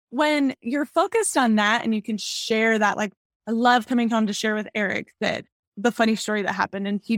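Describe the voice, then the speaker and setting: A young woman, a pediatric speech-language pathologist, telling stories in a podcast interview in a chatty, animated way, laughing often. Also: fairly high pitch, dry recording, clean studio sound.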